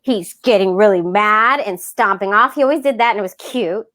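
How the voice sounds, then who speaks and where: A woman, co-hosting a casual podcast chat, telling animated stories and acting out her toddler. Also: medium pitch, normal speed. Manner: animated storytelling, laughs often, acts out her toddler. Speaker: podcast co-host.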